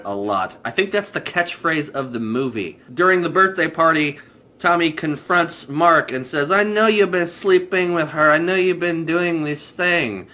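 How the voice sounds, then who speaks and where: Young man, bright higher voice, casual animated movie reviewer. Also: normal speed. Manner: animated, mock voices for characters.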